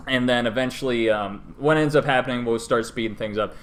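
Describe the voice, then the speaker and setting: A man's voice: mid-range voice, brisk, few pauses, fairly bright tone. A male podcast host with a mid-range voice, telling a fantasy storyline in a loose, irreverent ramble. He leans on fillers and restarts as he goes. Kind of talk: casual lore retelling.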